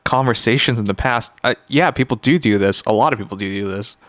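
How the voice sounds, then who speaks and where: A livestreamer with a Canadian accent, reacting in casual chat with loud exclamations and frequent swearing. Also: mid-range voice, fast talker. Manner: animated, exclaiming, swearing often.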